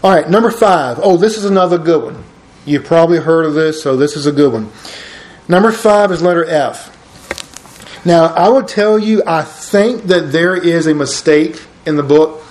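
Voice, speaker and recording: A man teaching a Bible study lesson in an animated, conversational way with jokey asides. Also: fairly high pitch, normal speed, roomy sound.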